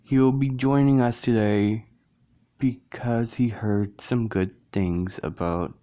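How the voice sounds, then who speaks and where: A man's voice: medium pitch, fairly even intonation, takes it slowly, warm tone, lightly acted. A man voicing a male teacher introducing a new student, read plainly in his own voice. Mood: matter-of-fact.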